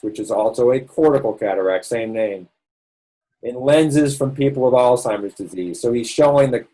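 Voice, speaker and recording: A man's voice: mid-range voice, mellow, low-quality recording. A man with a Boston accent giving a conversational health lecture, rambling and restarting as he explains. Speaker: doctor presenting a health session. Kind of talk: online presentation lecture.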